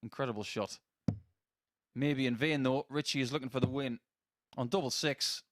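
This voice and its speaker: A man doing live darts commentary, measured and analytical with a dry sense of humour. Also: medium pitch, steady tone, fairly bright tone.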